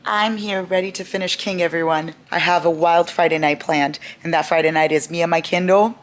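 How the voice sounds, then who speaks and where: A young woman talks through her reading in a loose, casual vlog, reacting out loud as she goes. Her voice sits a little low. She swears freely and jumps from chatter to shocked outbursts. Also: a little fast. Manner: chatty, expressive, swears freely, bursts into laughter and shocked outcries. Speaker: book vlogger.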